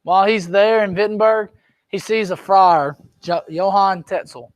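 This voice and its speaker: A man's voice: high voice, fairly even intonation, a little slow, dry recording. A man teaching a history lesson to his class in a classroom, talking in a loose, conversational way and often checking whether students are keeping up. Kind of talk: classroom lecture.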